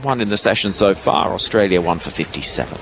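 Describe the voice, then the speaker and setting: A man giving ball-by-ball cricket commentary from a ground's commentary box, lively and rising with each delivery. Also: low-pitched, brisk. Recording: broadcast with loud ground noise behind.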